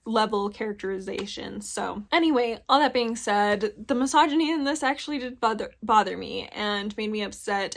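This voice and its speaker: A woman's voice: mid-range voice, creaky. Chatty young woman rambling about a book. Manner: rambling, frequent "like" fillers, frank. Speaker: book reviewer. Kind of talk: casual book review chat.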